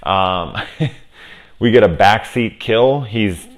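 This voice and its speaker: Recording with a home camera setup, a man reviews a horror film in a casual, rambling way, cursing freely and bubbling with enthusiasm. He speaks slowly in a fairly low voice.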